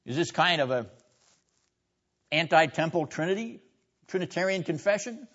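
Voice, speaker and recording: A man gives a seminary classroom lecture in a fairly high, fairly bright voice with lively intonation at normal speed. He stresses points with rhetorical questions and calls on students by name, in a dull lo-fi classroom recording.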